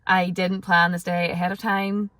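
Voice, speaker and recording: A woman's voice: on the low side, little pitch movement, normal speed, fairly bright tone. A young adult woman vlogging to camera in a casual, chatty way, full of filler words.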